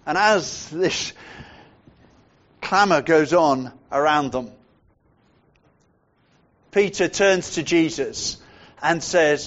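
A man preaching a sermon in a measured way, dropping to a hushed voice to stress points. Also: a little high, expressive, muffled recording.

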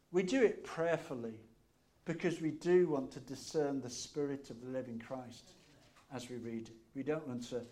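A man preaching a sermon in a conversational way, repeating his key phrases for emphasis. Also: medium pitch.

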